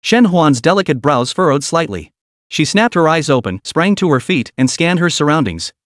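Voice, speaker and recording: A man narrating a comic story recap in a dramatic, even read. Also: a little high, normal speed, no echo, studio quality.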